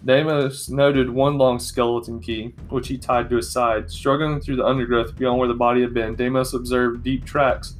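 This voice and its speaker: A man narrating a fantasy story at a steady, measured storytelling pace. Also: medium pitch, faint music behind.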